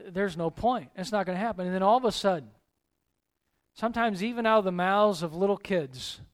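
A male pastor with a high, smooth, resonant voice delivers a sermon. He swings between emphatic, rising calls and quiet, soft asides. His tone stays preacherly throughout.

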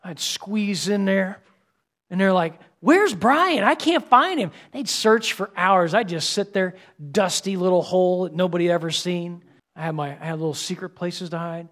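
A middle-aged male pastor delivers a sermon dynamically, swinging from loud exclamations to hushed lines. His voice sits high, and he speaks at a moderate pace with a flat delivery.

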